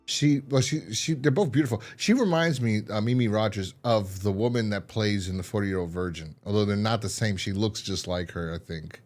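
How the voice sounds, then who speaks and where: A man's voice: lowish voice, normal speed, few pauses, faint music behind. A man co-hosting a casual review podcast, retelling a TV episode with lots of animation and laughter. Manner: animated storytelling, laughing and mimicking characters. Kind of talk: casual chat.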